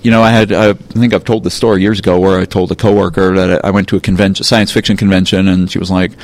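A man's voice: deep voice, little pitch movement, fast. A man hosting a podcast, talking casually with stammering restarts and wry asides. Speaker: podcast host. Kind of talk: casual chat.

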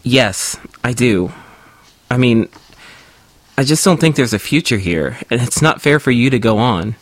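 A man's voice: medium pitch, lively intonation, measured pace, no echo. A man voicing a frustrated adult male rabbit who is breaking up with his partner, speaking bluntly and with exasperation.

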